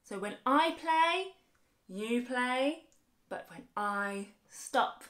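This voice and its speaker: High-voiced upbeat woman teacher. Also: lively intonation, fairly bright tone. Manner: upbeat, encouraging, speaks slowly and clearly to young children. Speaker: music teacher. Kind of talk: children's music lesson.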